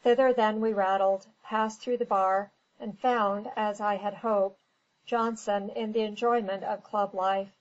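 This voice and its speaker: A woman reading an audiobook in measured, scripted narration. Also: mid-range voice, steady tone, dull audio.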